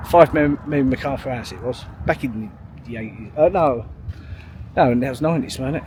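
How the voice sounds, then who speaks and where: A man's voice: medium pitch, moderate pace, darkish tone, slight background noise. A man, telling a long story in a rambling, sweary way, full of fillers and restarts. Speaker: vlogger. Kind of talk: casual storytelling monologue.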